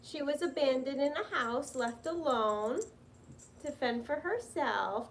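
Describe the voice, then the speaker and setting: A woman's voice: sits high, expressive, slow pace. A young woman who works as a vet tech, chatting casually on a home livestream and talking to her pets. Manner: chatty, talks warmly to her pets between remarks. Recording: somewhat distant mic with faint background noise.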